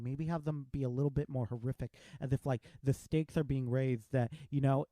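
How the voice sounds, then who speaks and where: A man's voice: mid-range voice, mellow, no echo. A man hosting a podcast, chatting casually as he reviews a film and retells its scenes with quoted lines. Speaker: podcast host.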